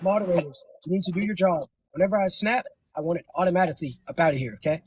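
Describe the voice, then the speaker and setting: A high-voiced man talking fast and lecturing his livestream viewers. His delivery is slangy and preachy, and a faint hiss sits under his voice. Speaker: livestream host. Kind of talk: casual livestream talk.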